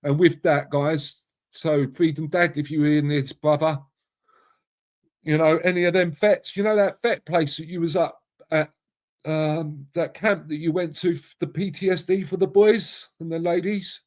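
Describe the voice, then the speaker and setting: A man's voice: a little high, steady tone, unhurried, a little mellow. Blunt, matey English man streaming live. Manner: blunt and matey, swears, calls viewers mate and bruv. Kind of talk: casual live chat reading viewer comments.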